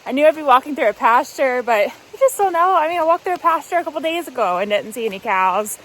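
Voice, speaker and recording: A woman talking to her camera as she walks a rainy mountain trail, in a slightly high, chatty and upbeat voice. She laughs easily and keeps a casual tone. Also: animated, quick pace, fairly bright tone. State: walking on trail. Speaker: hiking vlogger. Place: outdoors on a mountain hiking trail in the rain.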